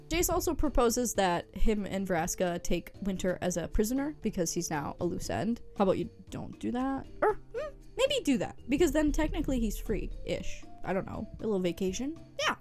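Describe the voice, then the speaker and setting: A woman with a fairly high voice recapping a story in a relaxed, chatty way. She keeps dropping in playful asides and little giggles, with soft music running faintly underneath. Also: moderate pace. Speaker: recap host.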